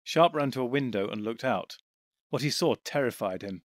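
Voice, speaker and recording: A man narrating an audiobook in an even, steady storytelling voice on a close mic. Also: mid-range voice, moderate pace.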